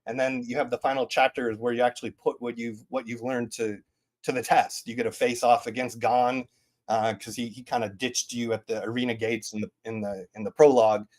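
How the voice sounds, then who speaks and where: A man's voice: mid-range voice, flat delivery, brisk, darkish tone. A man in his thirties casually presenting game updates at a community town hall, rambling with lots of fillers and restarts.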